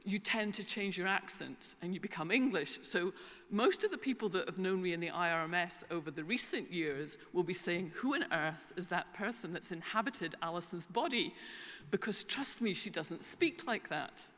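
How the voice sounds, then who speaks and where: A woman's voice: fairly low pitch, animated, normal speed, a bit bright. Scottish woman in her sixties giving a keynote. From Scotland. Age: 60s. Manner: chatty, with humorous asides. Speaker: keynote speaker. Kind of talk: conference keynote speech. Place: concert hall conference centre. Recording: long reverb of a concert hall conference centre.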